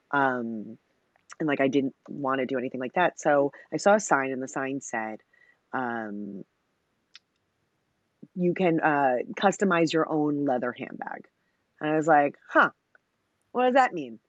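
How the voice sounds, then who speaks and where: A woman's voice: rumbling low, no room sound, lo-fi sound. A woman in her thirties, a company founder, tells her story in a casual interview. She is long-winded, scatters "you know" and "like" through her talk, and acts out the lines she quotes. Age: 30s.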